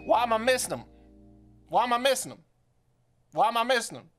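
A young man with a high voice gives live commentary over a rhythm game, loud and frustrated, cursing and trash-talking the opponents. Faint game music plays behind him. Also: big pitch swings, a little fast. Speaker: streamer.

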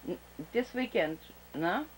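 A woman with a German accent hosts a casual talk show interview over a video call, speaking slowly and deliberately with many fillers and restarts. Her voice is medium-pitched and animated, and the recording quality is low.

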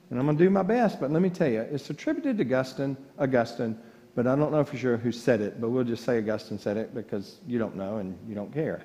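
A man's voice: mid-range voice, fast, mellow. A man preaching a sermon as pastor, telling folksy stories and joking with the congregation. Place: large church sanctuary. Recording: church livestream with long reverb.

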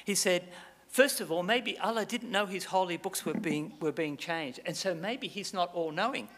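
A man telling a parable in a lecture, acting out the characters' lines with sudden jumps in pitch. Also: moderate pace. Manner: animated storyteller, voices characters with high pitch jumps. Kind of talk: storytelling lecture. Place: lecture hall.

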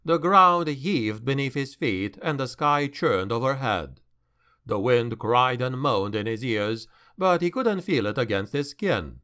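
A male audiobook narrator reads dark fantasy with slow, dramatic pacing. His voice is bright and crisp, and his pitch rises and falls freely. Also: expressive.

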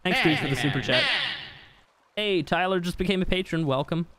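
A man's voice: a little high, fairly quick, a bit bright, no echo. A young man hosting a live game stream, chatting casually and reading viewer comments aloud with easy laughs. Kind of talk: casual live-stream chat while gaming.

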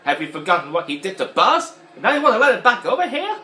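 A man with a Yorkshire accent voicing a gruff, wisecracking male toy potato who throws insults in a loud, brash way. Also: high voice, sing-song, quick pace, roomy sound, a little hiss or hum, pitched above the performer's own voice, exaggerated voice. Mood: taunting.

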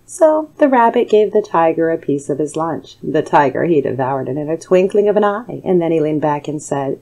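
Soothing, mellow woman storyteller. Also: deep voice, expressive, poor audio. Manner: soothing, measured. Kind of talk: calm bedtime story narration.

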